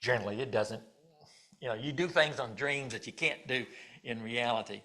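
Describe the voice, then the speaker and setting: A man's voice: medium pitch, normal speed, bright, forceful tone. Folksy joking minister man. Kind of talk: conversational sermon. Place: church hall. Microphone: handheld or stand mic, slightly ringing.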